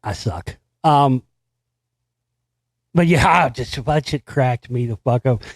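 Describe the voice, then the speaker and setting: A man's voice: mid-range voice, animated, slow, no room sound. An American man hosting a casual solo talk show, rambling and profane, laughing at his own stories. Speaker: host.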